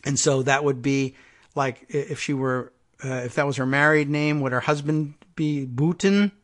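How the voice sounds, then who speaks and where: A man's voice: mid-range voice, fairly even intonation, moderate pace, fairly bright tone. A man hosting a political talk show, reading news articles aloud with sardonic asides and many fillers. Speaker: political talk radio host.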